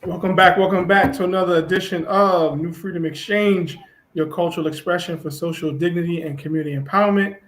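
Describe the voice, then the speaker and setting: Male online show co-host, somewhat high-pitched, relaxed and casual. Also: a little fast. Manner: relaxed, easygoing, many fillers.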